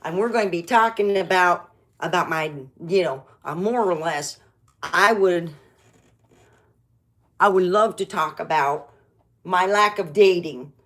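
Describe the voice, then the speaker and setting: A woman's voice: fairly low pitch, unhurried, long pauses, a bit bright. A middle-aged woman doing a rambling, meandering stand-up style comedy monologue, chatty and full of restarts.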